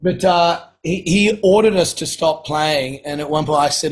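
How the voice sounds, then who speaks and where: A middle-aged man, a guest telling casual anecdotes in a relaxed, chatty way and often clearing his throat. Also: fairly high pitch, moderate pace, rough recording. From Australia. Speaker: guest, singer-songwriter.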